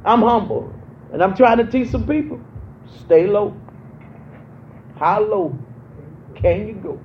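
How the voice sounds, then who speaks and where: A woman's voice: mid-range voice, lively intonation, takes it slowly. A young woman pastor preaches to her congregation in call-and-response, hammering the same phrases again and again. The recording is muffled and a little lo-fi, with a faint hiss of background noise behind her. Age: young adult. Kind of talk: preaching a sermon.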